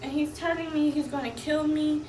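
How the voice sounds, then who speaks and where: A young woman, a college student, giving a rushed, upset retelling of an incident. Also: sits high, fairly even intonation, roomy sound, far from the mic, background noise. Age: young adult. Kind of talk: recorded personal account.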